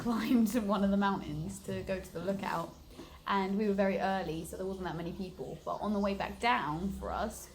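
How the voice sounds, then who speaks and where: English girl from the east of england, giggly chatty vlogger, a bit of hiss behind. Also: medium pitch. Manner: giggly, animated storytelling. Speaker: travel vlogger. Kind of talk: casual chat.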